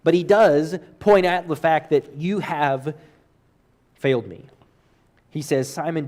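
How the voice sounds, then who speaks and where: A man's voice: mid-range voice, darkish tone. A man teaching a church Bible class off the cuff, earnest and hesitant, full of restarts and fillers.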